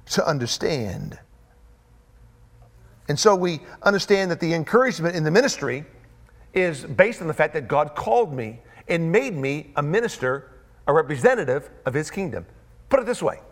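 A pastor with a high male voice preaches a sermon, hammering home his points through emphatic repetition. He leaves dramatic pauses, and his pitch swings widely and lively throughout.

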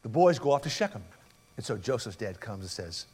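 A man's voice: on the low side, big pitch swings, a little fast, a little mellow, slightly rough. A male pastor preaching an expository sermon, emphatic and asking rhetorical questions.

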